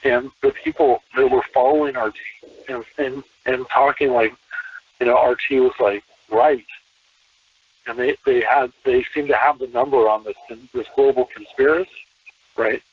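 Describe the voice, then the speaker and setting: A man, a podcast guest, talking in an animated casual way with many restarts and repeated words. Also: medium pitch, moderate pace, slightly rough, no echo, far from the mic. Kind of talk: casual conversation. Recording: tinny phone-line call.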